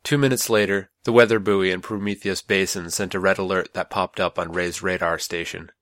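A man with a low voice reads a story in a steady, measured way. The recording is close and completely dry, with no room echo. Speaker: narrator. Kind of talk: scripted audiobook narration.

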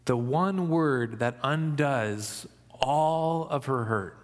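A pastor giving an Easter sermon, reflective and storytelling, dropping soft for emphasis. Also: male voice, mid-range voice, long reverb tail. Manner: slow, reflective, dramatic pauses, soft for emphasis.

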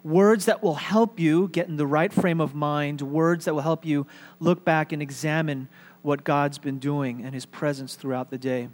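Brief: male pastor, sermon, slightly high voice, relaxed and conversational with some humor. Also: moderate pace. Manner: conversational, with fillers and light humor.

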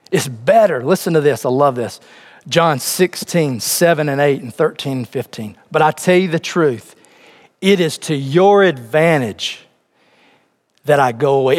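A man preaching a sermon, reading scripture and speaking directly to the congregation with rising emphasis. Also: on the high side. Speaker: pastor. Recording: long hall reverb.

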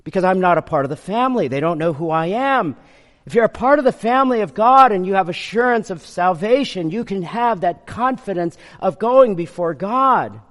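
A man preaching a sermon, slowing to stress scripture and speeding up to explain it. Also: sits high, lively intonation, a bit bright, long reverb tail. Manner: swings from slow emphatic reading of scripture to quick explaining. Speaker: pastor.

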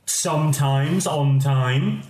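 A man's voice: on the high side, very slow, darkish tone. A man playing a tabletop game, speaking in character with evasive, stammering excuses. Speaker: player. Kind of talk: in-character tabletop role-play. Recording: roomy with faint noise.

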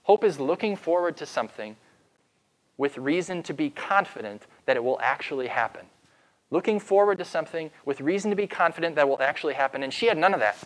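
A man preaching as pastor, retelling a story with dramatic pauses and slowing down for emphasis. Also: on the high side, expressive. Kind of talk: sermon.

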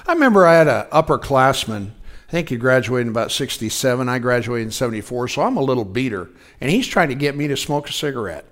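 A man's voice: medium pitch, animated, a little fast. A man in his sixties preaching a conversational sermon, folksy, telling personal stories and asking the congregation questions. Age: 60s. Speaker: pastor.

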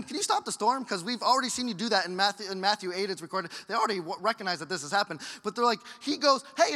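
Male pastor, lively sermon delivery, tense bright tone, reverberant sanctuary. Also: fairly high pitch. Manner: animated, acts out quoted voices with big swings in loudness. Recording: long hall reverb.

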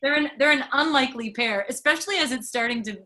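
A woman's voice: sits high, fast talker. A middle-aged woman comedian and podcast host, chatting as a guest and acting out quotes as she tells stories. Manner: animated storyteller, acts out quotes. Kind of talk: casual interview chat.

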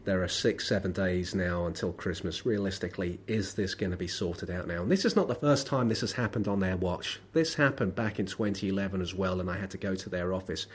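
A man's voice: deep voice, a little fast, few pauses, slightly rough. A man hosting a solo podcast, who is under the weather, telling rambling, wry anecdotes with many ums and uhs. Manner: rambling, wry everyday anecdotes with frequent fillers. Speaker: podcast host.

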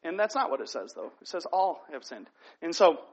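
A man's voice: a little high, very animated, fairly quick, breathy edge, lo-fi sound. A man preaching a sermon in a conversational way, often restarting phrases and checking in with "right?". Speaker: pastor.

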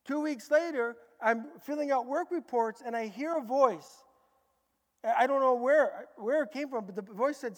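A man preaching a sermon, telling his story in a lively way and acting out the dialogue. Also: very high-pitched, moderate pace. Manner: animated, acts out dialogue in a lively way. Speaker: preacher giving a testimony. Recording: echoey large hall.

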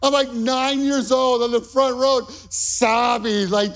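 A middle-aged male pastor delivering an impassioned sermon, building to emphatic shouts. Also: very high-pitched, flat delivery, slow pace, hardly any pauses.

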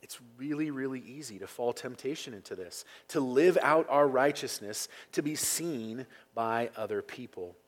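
A man's voice: mid-range voice, animated, normal speed, few pauses. A man preaching a Sunday sermon as pastor, earnest and emphatic, stressing key phrases and sometimes dropping to a near whisper. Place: church sanctuary.

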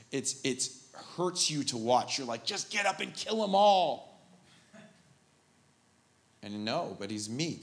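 Man preaching a lively sermon. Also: mid-range voice. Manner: animated and informal, with asides and jokes. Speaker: pastor. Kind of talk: conversational sermon. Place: church service, live.

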